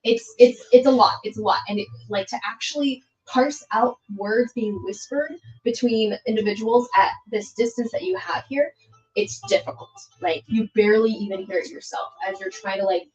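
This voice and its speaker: A woman's voice: on the high side, animated, normal speed, darkish tone. A woman game master narrates a tabletop scene in a loose, rambling way, with many restarts. The audio is slightly dull, and faint music plays in the background. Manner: rambling, filler-heavy narration.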